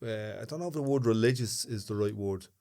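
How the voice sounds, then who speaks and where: A man's voice: lowish voice, fast, dark tone. A man with an Irish accent, co-hosting a casual podcast and teasing his friend in a jokey, laughing way. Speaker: podcast co-host. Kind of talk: casual chat.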